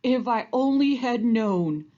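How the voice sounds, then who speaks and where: Storybook figure: woman voicing a moody, tearful male moose, lively pitch, muffled recording. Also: slow pace. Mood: sobbing. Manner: emotional, wailing and sobbing. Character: moody male moose, swinging from laughter to tears. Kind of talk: storybook read-aloud.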